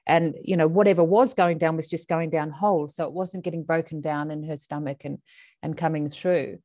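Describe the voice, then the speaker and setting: Woman guest from Australia, lowish pitch, dry recording; animated, story-driven chat. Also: fairly quick, no room sound. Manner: animated storyteller who acts out voices. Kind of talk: casual conversation.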